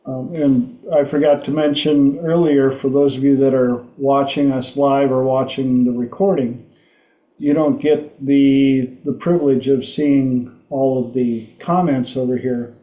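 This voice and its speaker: A middle-aged man hosting a livestream talk show, telling stories slowly with frequent restarts. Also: mid-range voice, steady tone, reverberant, muffled recording. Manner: slow, halting storytelling with restarts. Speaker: podcast host.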